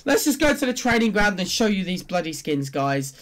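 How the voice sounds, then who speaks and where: Excitable gamer with a lively voice. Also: medium pitch, brisk. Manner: excitable, swings from glum muttering to shouting; complains and pleads at the game. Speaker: gaming video creator. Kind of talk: reacting while opening loot boxes.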